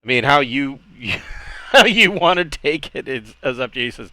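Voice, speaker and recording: A man narrates a tabletop game as its game master. His voice is bright and clean, caught close and dry with no room sound. He stops often on fillers and restarts his sentences. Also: fairly high pitch, animated, dry recording. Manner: halting, many fillers and restarts.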